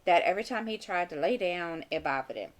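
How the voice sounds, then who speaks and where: A woman's voice: on the low side, animated, brisk. A middle-aged woman chatting casually at home while crafting, rambling and talking to herself as she works. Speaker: channel host. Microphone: desk mic.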